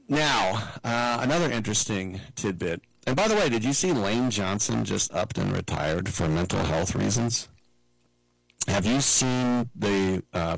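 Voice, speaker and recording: A middle-aged man hosting a sports talk show, chatting casually and wandering into side stories with quick mimicked asides. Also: low-pitched, gravelly, no room sound, poor audio. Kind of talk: casual sports commentary monologue.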